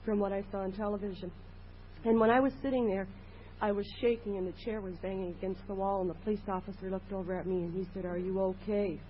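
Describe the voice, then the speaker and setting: A woman sharing a personal story at a recovery meeting in an earnest, plain way. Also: mid-range voice. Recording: dull 1980s tape with faint hiss.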